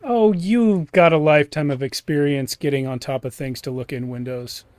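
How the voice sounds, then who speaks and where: Relaxed man running a tabletop game. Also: a little high, normal speed, clean tone, no echo, clean studio sound. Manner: relaxed, with fillers and restarts, lively when describing action. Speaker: game master.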